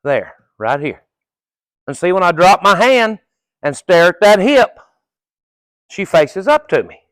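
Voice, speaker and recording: A man's voice: high-pitched, very animated, unhurried, a bit bright, dry recording. A middle-aged man working as a horse trainer, coaching viewers through a live training session in a folksy, casual way with the odd curse word.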